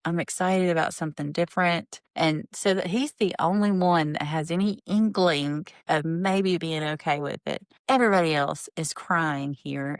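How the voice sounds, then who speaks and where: A woman's voice: low voice, no room sound, clean studio sound. A woman, recapping a reality show on her podcast in a blunt, indignant way. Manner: blunt and indignant, openly judging. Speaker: podcast host. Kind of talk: casual reality-TV recap commentary.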